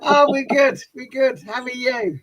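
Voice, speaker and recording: A woman's voice: high-pitched, unhurried, dull audio. A woman hosting a live online chat on a video call, chatty and self-mocking. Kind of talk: casual chat.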